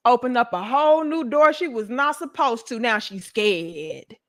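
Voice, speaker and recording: A young adult woman, delivering a profane, animated commentary rant and acting out mocking voices. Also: on the high side, moderate pace. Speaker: commentary host. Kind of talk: ranting commentary monologue.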